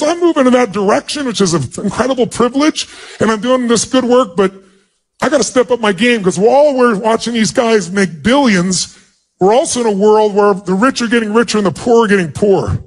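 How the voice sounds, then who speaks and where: A man gives an earnest, emotional talk as a motivational speaker, relating a personal story to his audience. When he acts out dialogue, his pitch jumps up.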